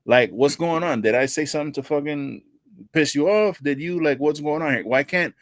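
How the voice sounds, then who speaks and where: A man co-hosting a wrestling podcast in casual chat, animated and profane, acting out quotes with his voice jumping up. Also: normal speed, dry recording, clean studio sound. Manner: animated, profane, acts out quotes with rising pitch. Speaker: podcast co-host.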